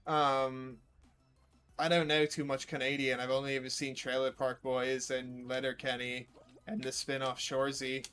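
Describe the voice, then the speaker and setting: A man's voice: medium pitch, level tone, moderate pace, fairly bright tone, clean tone, faint music behind. A man streaming a game, rambling through jokes and swearing freely in casual commentary. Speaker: gaming streamer. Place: New York.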